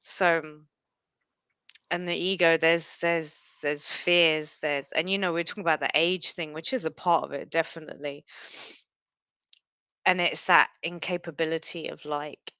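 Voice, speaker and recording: A woman's voice: deep voice, pushed and bright, smooth, no room sound. A woman co-hosting a live chat, tearful and sniffling, sighing as she searches for her words. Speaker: co-host. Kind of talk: emotional heart-to-heart chat.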